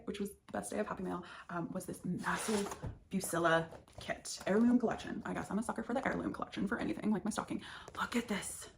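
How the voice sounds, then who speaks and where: A woman's voice: mid-range voice, vocal fry, a little mellow, slight background noise. A young woman hosting a stitching vlog, chatting casually and thinking aloud as she shows her purchases. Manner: chatty, rambling, thinks aloud with many ums. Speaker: flosstube host. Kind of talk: casual chat showing stitching haul.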